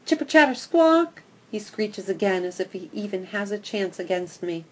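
A woman narrating a first-person audiobook with an expressive, dramatic storytelling manner. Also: medium pitch, moderate pace, a little hiss or hum.

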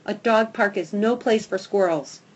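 Excitable, loyal pet dog, read by a woman; high, loud, yappy storybook voice. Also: measured pace, breathy edge. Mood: bossy. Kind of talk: audiobook character voice.

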